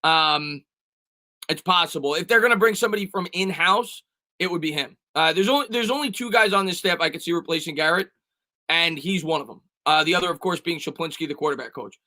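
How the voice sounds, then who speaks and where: Man, sports live stream host, chatty, stammering restarts, bright tone. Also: fairly high pitch, no echo. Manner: fast, repetitive, stammering restarts. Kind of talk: live stream reading chat.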